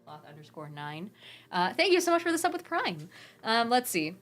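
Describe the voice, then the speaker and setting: Chatty, animated young woman streamer. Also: a little high, moderate pace, soft background music. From Pacific Northwest. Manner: chatty and animated, swears freely, laughs often, rambles with restarts. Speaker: live streamer. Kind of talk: casual live-stream chat, reading viewer comments.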